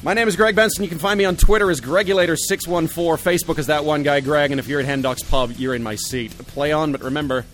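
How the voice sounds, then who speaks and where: A man's voice: fairly high pitch, fast talker, hardly any pauses, a bit bright, soft background music. A man from Ohio delivering a sarcastic, ranting sports commentary as host of the show. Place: pub.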